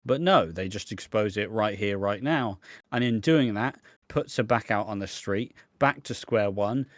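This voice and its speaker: A man's voice: lowish voice, unhurried, dry recording, clean studio sound. A man co-hosting a casual podcast, chatting and acting out scenes in other voices. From Britain. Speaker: podcast co-host. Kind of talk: casual chat.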